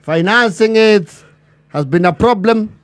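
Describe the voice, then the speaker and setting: A man delivering a mock formal address as a pompous chairman, with bureaucratic phrasing and drawn-out pauses. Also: sits high, no room sound.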